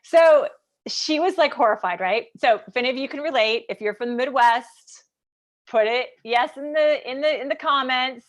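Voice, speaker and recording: A woman in her thirties with a higher voice, from Kansas, talking casually to her livestream viewers. She is chatty and animated, and she scatters "like" through her sentences as she tells a personal story. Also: normal speed. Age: 30s. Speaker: business coach.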